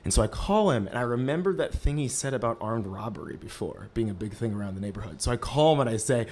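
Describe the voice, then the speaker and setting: A man's voice: mid-range voice, quick pace, hardly any pauses. Young man telling a live story. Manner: lively, heavy use of "like" fillers. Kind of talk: live first-person storytelling. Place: stage of a small live-event venue.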